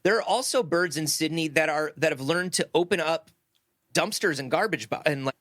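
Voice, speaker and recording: A man's voice: a little high, a little fast, fairly bright tone, dry recording, clean studio sound. A man co-hosting a podcast in a casual, comedic chat, playful and jokey, acting out quotes as he talks. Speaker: podcast co-host.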